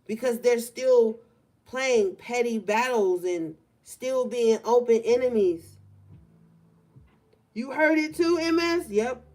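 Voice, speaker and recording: A young woman gives a collective tarot reading in a relaxed, conversational way, leaning on certain words and slowing down to stress them. Her voice sits slightly high, and she talks from a room by an open window. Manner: casual, conversational, drawn-out emphasis. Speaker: tarot reader.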